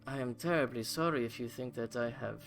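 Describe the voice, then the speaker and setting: A man voicing a haughty woman fighter who speaks calmly and coldly threatens. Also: mid-range voice, vocal fry, soft background music. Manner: calm, measured, coldly threatening.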